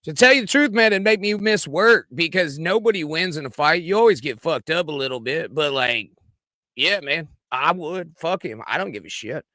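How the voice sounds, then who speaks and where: A man streaming commentary on a recorded radio show, talking in a profane, rambling way that swings from loud outbursts to mutters. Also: on the high side, animated, normal speed, dry recording, clean studio sound. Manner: profane, rambling, swings between shouting and mumbling. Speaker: streamer reviewing his own radio appearance.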